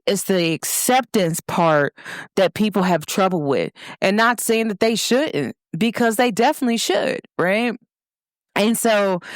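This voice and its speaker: Lively woman hosting a pep talk. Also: medium pitch, smooth, no room sound, studio quality. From Cincinnati, Ohio. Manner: lively, repetitive, speaks directly to listeners with "y'all". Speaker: host. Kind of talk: casual motivational talk to viewers.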